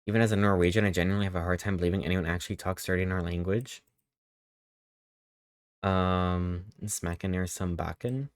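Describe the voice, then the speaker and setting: A woman's voice: extremely low pitch, steady tone, fairly quick, clean tone, dry recording. A woman streaming a game, chatting casually and joking with her viewers. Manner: joking, chatty, reacting to chat. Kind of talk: casual live-stream chat. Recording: game music playing behind.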